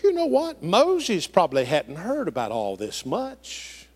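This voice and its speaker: A middle-aged pastor from the delivers a sermon with a voice that swoops between high and low. His pitch sits somewhat high for a man, and his phrasing is folksy and emphatic. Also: wildly swooping pitch, a little slow, darkish tone, breathy edge. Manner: preaching with rising and falling emphasis, folksy phrasing.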